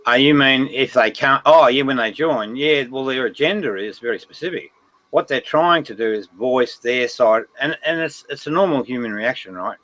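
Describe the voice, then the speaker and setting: A man's voice: mid-range voice, normal speed, fairly bright tone, low-quality recording. Laughing, swearing man host. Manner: laughs often, swears freely, emphatic. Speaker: livestream host. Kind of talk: casual livestream chat.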